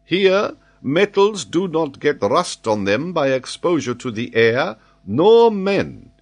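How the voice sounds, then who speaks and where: Man voicing a vehement French savant, raised pitch, loud emphatic bursts, audiobook character. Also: big pitch swings, slow, exaggerated voice. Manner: vehement, emphatic, eager to astonish. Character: excitable, impetuous middle-aged French male scholar.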